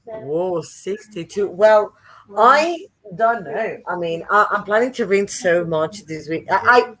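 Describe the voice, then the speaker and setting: A woman's voice: medium pitch, expressive, slow pace, a bit bright. A woman joining a reading livestream as a guest, chatting casually and hesitantly, often repeating words as she starts over.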